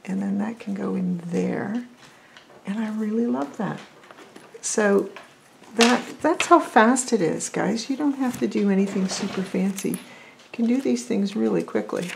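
A woman with a mid-range voice and some vocal fry talks at a measured pace while she makes paper crafts for a vlog, chatting casually and thinking out loud. There's a faint hiss or hum in the recording.

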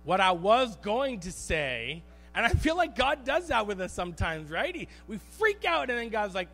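A man preaching a sermon as pastor in a church, animated and storytelling, repeating phrases for emphasis. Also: high voice, normal speed. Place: church sanctuary.

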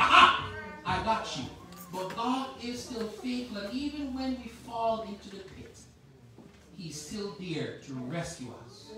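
Lady preacher in a church, swings loud to quiet, really echoey and kinda far from the mic. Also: a little high. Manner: impassioned, swings from loud exhortation to quiet reflection. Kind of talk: sermon. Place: church sanctuary.

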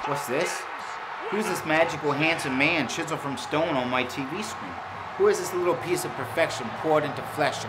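A man with a Boston accent giving a brash, crude comedy sales pitch to investors. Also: normal speed, heavy background noise. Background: music.

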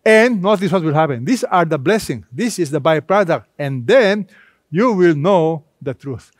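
A man pastor preaching a sermon, emphatic and repetitive, with dramatic pauses between phrases. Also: fairly high pitch, lively intonation, no room sound, studio quality.

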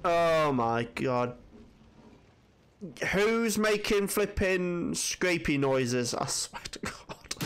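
A man with commenting on a video game he is playing, excitable, jumpy and swearing often. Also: fairly high pitch, extremely slow, smooth. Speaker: gaming channel host. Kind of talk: let's-play commentary.

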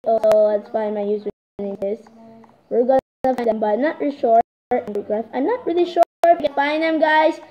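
A woman giving excitable, chatty commentary while playing a game, often calling out to "guys". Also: fairly high pitch, moderate pace, dull audio. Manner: excitable, keeps repeating "guys". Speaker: gaming vlogger.

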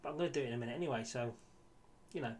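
A man's voice: medium pitch, very fast, a little mellow, slight background noise. A man giving casual, exasperated commentary on his football management game, swearing and talking to his viewers. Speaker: gaming YouTuber.

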